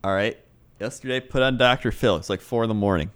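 A man co-hosting a casual podcast, easygoing and quick to laugh as he tells stories. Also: on the low side, fairly bright tone, dry recording. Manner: laid-back storyteller, laughs easily. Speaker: podcast co-host. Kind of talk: casual chat.

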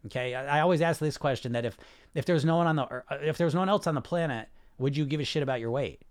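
Male podcast host, fairly high voice for a man, blunt and profane, pushes his point with rhetorical questions. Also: very fast, smooth. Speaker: podcast host, hypnosis weight-loss coach. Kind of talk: casual podcast monologue.

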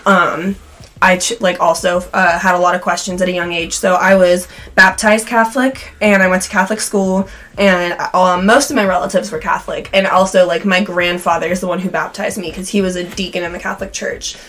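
A woman's voice: lowish voice, fairly even intonation, fairly quick, fairly bright tone. A young woman from the American Midwest, co-hosting a podcast in casual chat, peppering her talk with "like" while her voice wears thin. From Cincinnati, USA. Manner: chatty, frequent "like" fillers. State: losing her voice. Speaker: podcast co-host.

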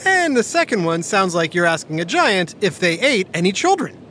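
Woman host, kids' podcast, lively swooping voice, playful storyteller. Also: mid-range voice, normal speed, slight background noise. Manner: whispery, animated storyteller.

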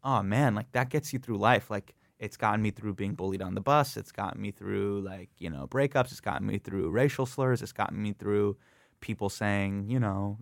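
Speaking at a normal pace with a fairly low pitch and noticeable vocal fry, this US comedian is a guest in a conversational studio interview. He's an animated storyteller who performs other people's lines, captured on a studio mic with no room sound.

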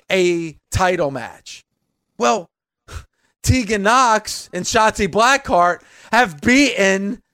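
A man's voice: sits high, fairly bright tone, dry recording, clean studio sound. A man co-hosting a casual wrestling talk show, chatting and explaining his views as a fan. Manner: chatty, explains his view from a fan's angle. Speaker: podcast co-host.

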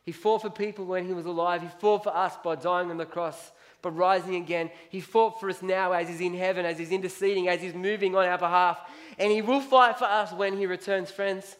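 A man's voice: high voice, fairly even intonation, fairly quick, hardly any pauses, fairly bright tone. A man preaching a sermon, emphatic, reading scripture aloud and repeating key lines.

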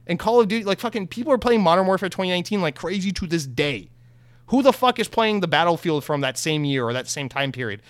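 A man's voice: on the high side, no room sound. A young man giving casual, heated gaming news commentary, swearing freely and mocking companies in sarcastic voices.

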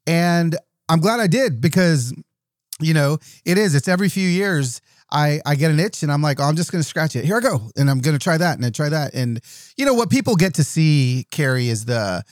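A man with a fairly high voice talks as a podcast guest, lively and quick to joke. His voice sounds dry and close, with no room echo. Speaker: author and speaker, guest. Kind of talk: interview conversation.

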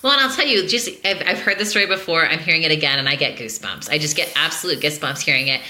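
A woman's voice: deep voice, very fast, bright, forceful tone. A woman hosting a podcast interview, chatty and enthusiastic as she asks about her guest's work. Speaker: podcast host. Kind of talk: casual interview chat. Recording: echoey room.

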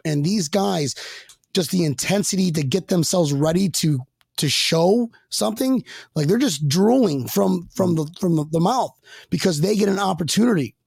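Host type, male, gravelly, slightly high voice, loose and excitable, dry close mic. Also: dry recording. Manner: excitable, laughing, rambling with restarts. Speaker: podcast host. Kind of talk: casual sports chat.

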